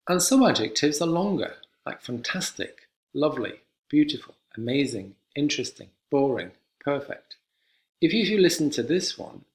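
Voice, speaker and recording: Guy teaching a grammar lesson, goes slow and repeats stuff, normal pitch. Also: expressive. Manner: slow, clear, repeats examples for learners. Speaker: English teacher. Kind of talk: classroom lesson.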